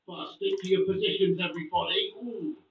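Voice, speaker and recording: High-voiced gaming streamer. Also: male voice, brisk. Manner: matey banter, reads chat aloud. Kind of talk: live gameplay commentary. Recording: roomy, distant, dull sound.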